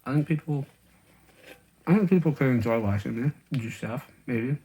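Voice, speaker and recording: Man, husky voice, mid pitch, rambling casual vlog, talks while chewing. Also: normal speed, warm tone. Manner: rambling, with many fillers and restarts; talks with food in his mouth. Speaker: vlogger. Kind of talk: casual chat while eating.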